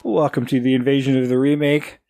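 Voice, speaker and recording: Casting: male podcast host, mid-pitched, jokey and chatty. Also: flat delivery, brisk, background noise. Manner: jokey, chuckles often. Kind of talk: casual chat.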